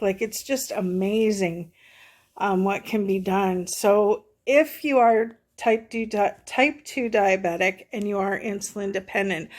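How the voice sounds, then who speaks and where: A woman's voice: medium pitch, darkish tone. A middle-aged woman talking in a casual, rambling vlog review, short of breath and full of fillers and restarts. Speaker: vlogger reviewing a product.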